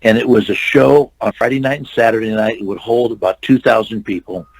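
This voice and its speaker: A man's voice: lowish voice, fairly even intonation, fairly quick, creaky, low-quality recording. An older man, a stuntman and actor, telling long rambling anecdotes in a casual interview, full of restarts and quoted dialogue. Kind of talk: casual storytelling.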